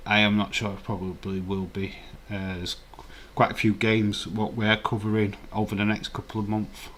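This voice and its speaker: A man's voice: on the low side, completely flat delivery, moderate pace, fairly bright tone, slight background noise. A man hosting a casual live stream, rambling and chuckling while reading the chat. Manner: rambling, chuckling, chatty asides.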